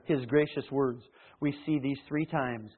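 A man preaching a sermon, shifting between loud emphatic lines and hushed low asides. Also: fairly even intonation, a little slow. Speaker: pastor. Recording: tinny phone-like sermon recording.

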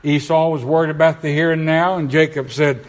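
A man's voice: on the high side, fairly even intonation, a little fast. A middle-aged man preaching a sermon, reading scripture aloud and putting rhetorical questions to his congregation. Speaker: pastor. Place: church sanctuary. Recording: live church sound with long reverb.

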